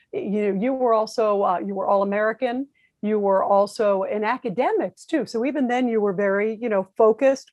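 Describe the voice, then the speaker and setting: A woman hosting a live interview, enthusiastic and a little halting, with many fillers. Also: medium pitch, dry recording. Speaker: interview host.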